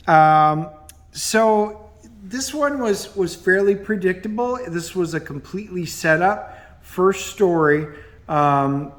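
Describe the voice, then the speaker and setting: A middle-aged man reviewing a comic book in a casual, chatty way, with frequent ums and acted-out bits of dialogue. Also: fairly high pitch.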